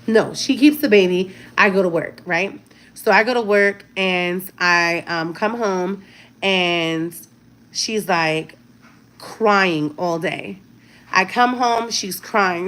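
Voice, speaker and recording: A vlogger in her thirties chats casually with her viewers, sharing a personal story full of emphatic repetition and frequent "right?" check-ins. Her medium-pitched voice has a fairly bright tone, and she takes her time.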